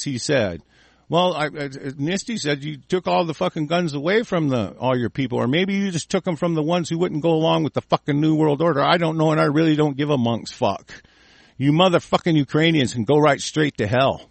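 A man hosting a small talk radio show, ranting with constant swearing, swinging between low muttering and angry bursts. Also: a little fast, gravelly, dry recording. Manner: profane, shouting in bursts, mumbling asides. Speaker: radio host.

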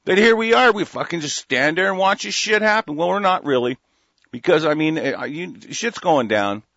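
A man's voice: fairly high pitch, lively intonation, moderate pace, dry recording, dull audio. A man delivering an angry, profane political rant, hurling insults. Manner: furious, profane, shouting insults.

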